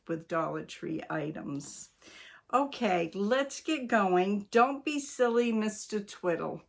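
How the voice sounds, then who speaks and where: An older woman from Maine, host of her channel, reading a story aloud with chatty asides. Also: medium pitch. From Maine, USA.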